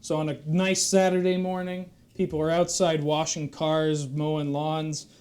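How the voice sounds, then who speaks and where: A comedian tells a drawn-out shaggy-dog joke in a deadpan, meandering style, stopping to over-explain small details. His voice is a bit high for a man.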